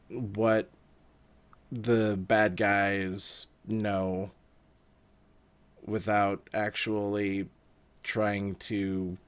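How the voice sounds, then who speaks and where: A man playing a tabletop role-playing game in character, talking in a halting, hesitant way with many fillers. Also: on the low side, smooth.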